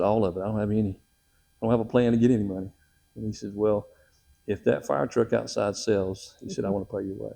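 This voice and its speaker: A man's voice: on the low side, vocal fry, dark tone. A middle-aged man, a missionary, telling a personal testimony in a folksy, emotional way with frequent laughs.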